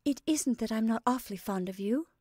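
A woman's voice: a little high, no echo, clean studio sound, lightly acted. A woman voicing a playful, impulsive young woman who bubbles over with laughter. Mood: giggly. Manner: bright, bubbly, quick to laugh.

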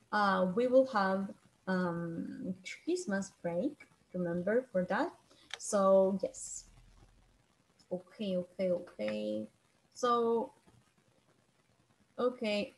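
Woman teacher, online class over video call, patient and repetitive. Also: medium pitch. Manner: patient, repeats and translates phrases slowly.

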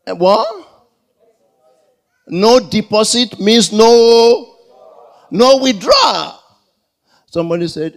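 Male pastor, high voice, unhurried delivery; sermon with call-and-response and acted-out dialogue. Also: lively intonation, creaky. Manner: call-and-response questions to the congregation; acts out comic dialogues. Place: church.

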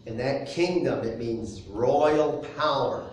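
Slow-preaching man in an echoey room. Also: medium pitch. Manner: measured preaching with soft chuckles. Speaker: pastor. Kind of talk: sermon. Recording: very echoey room, distant mic.

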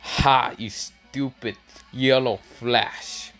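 A man's voice: mid-range voice, steady tone, extremely slow, a bit bright, faint music behind. A man voicing a crude scheming old village elder. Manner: swearing, blustering.

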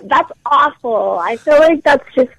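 A woman's voice: high voice, lively intonation, measured pace, gravelly, poor audio. Young woman chatting as a guest, lots of ums, kinda hesitant. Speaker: guest musician. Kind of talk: casual interview chat.

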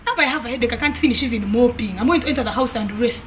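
A woman's voice: on the high side, very fast, a little hiss or hum, natural voice. A woman comedian playing a defiant young housemaid who talks back to her boss with cheeky mockery. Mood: sassy. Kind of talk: comedy sketch acting.

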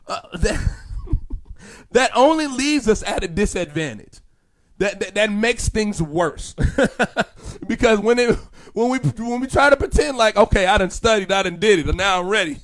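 A man with a notably high voice delivers a motivational ministry message. He preaches with animated, repetitive energy, swinging between hushed moments and loud bursts, and laughs often as he acts out everyday scenes. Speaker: ministry speaker.

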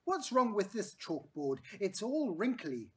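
A woman voicing a grumbling school teacher who dismisses a child's claims matter-of-factly, in a slightly breathy voice. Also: medium pitch, sing-song, a little slow. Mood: grumpy.

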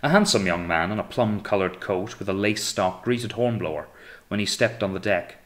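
Deep-voiced male audiobook narrator. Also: moderate pace, a bit bright. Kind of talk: scripted narration.

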